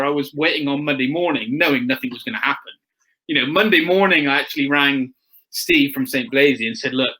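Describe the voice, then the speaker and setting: A man's voice: a little high, bright, forceful tone, poor audio. A young man chatting casually as a guest, telling stories with frequent laughs and acted-out quotes. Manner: chatty storyteller, laughs often, acts out quotes. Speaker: guest motocross rider. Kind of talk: casual chat.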